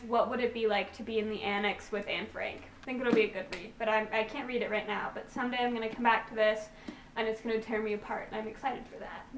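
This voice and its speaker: Young woman, bubbly, gushing, rambling, fairly high voice, echoey room, faint hiss. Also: fairly bright tone, far from the mic. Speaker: book vlogger. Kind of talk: casual book haul chat.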